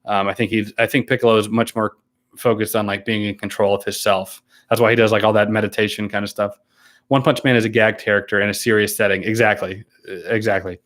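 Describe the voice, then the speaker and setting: A man's voice: on the low side, little pitch movement, fast talker, a bit bright. Laid-back man reading chat comments. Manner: easygoing, hesitant, many ums and restarts, laughs often. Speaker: YouTuber hosting a live stream. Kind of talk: casual live-stream chat, reading viewer comments aloud.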